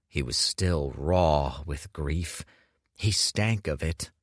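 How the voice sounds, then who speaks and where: A man reading an audiobook in measured scripted narration. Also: rumbling low, no echo, studio quality.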